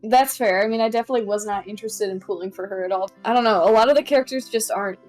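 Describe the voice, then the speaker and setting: A young woman with a medium-pitched voice speaks as a guest in a relaxed gaming chat. She trails off and leans on fillers, and faint music sits under her voice. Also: very fast. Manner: easygoing, trailing off and using lots of fillers. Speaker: guest YouTuber. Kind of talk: casual chat.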